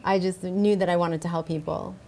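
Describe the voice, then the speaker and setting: A middle-aged woman speaking as a spirit medium guest in casual interview chat, warm and enthusiastic, often repeating herself. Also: lowish voice, steady tone, fairly quick, vocal fry, slight background noise. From United States.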